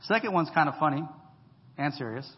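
A man preaching a conversational sermon, lively and joking as he talks straight to the congregation. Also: on the high side, fairly quick. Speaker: pastor. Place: church hall. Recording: echoey hall, dull lo-fi sound.

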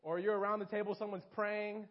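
A young man preaching in a casual, animated way, speaking straight to his listeners. His voice sits high for a man. The recording is dull and lo-fi. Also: brisk. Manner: animated, talks straight to listeners, acts out quotes. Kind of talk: informal sermon.

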